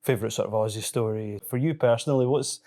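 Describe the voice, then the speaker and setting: A man asking an interview question in a slow, measured way. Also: medium pitch, background noise.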